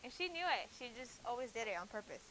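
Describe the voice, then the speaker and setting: A young woman teaching a Spanish class, drilling vocabulary and making quick asides to her students. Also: on the high side, very animated, fairly bright tone, slight background noise, low-quality recording.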